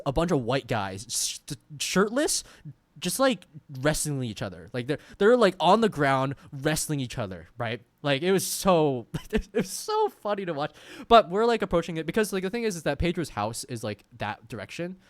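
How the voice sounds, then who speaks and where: A man's voice: on the high side, sing-song, moderate pace, dry recording. A young man casually telling a rambling story as a streamer, full of fillers, laughing as he goes.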